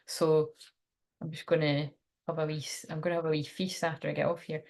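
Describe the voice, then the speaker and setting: A woman's voice: low-pitched, level tone, a little fast, a little mellow. A woman doing a live card reading for her viewers. She rambles and thinks aloud in a chatty, informal way. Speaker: tarot card reader.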